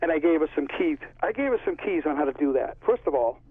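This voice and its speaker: A man's voice: on the high side, animated, fast talker, no room sound. A man with a Connecticut accent, an author chatting in a casual interview and rambling through stories. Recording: tinny phone line, husky.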